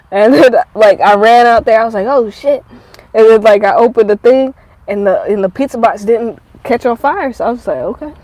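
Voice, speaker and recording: A woman's voice: medium pitch, poor audio. A woman vlogger telling rambling, profane stories in a casual monologue. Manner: profane, rambling, animated storytelling.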